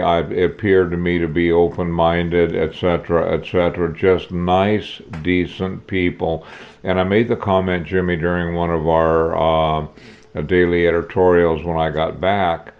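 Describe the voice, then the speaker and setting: A man's voice: low voice, flat delivery, a little slow. An older man hosting a political talk show, giving his opinions in a folksy, plain-spoken way. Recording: dull lo-fi recording.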